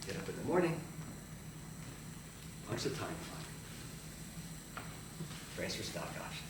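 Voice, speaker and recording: A man telling his story in a one-man theater monologue, animated and self-mocking. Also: low-pitched, takes it slowly, very noisy. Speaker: solo stage performer. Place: theater stage. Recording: live stage, distant roomy hall.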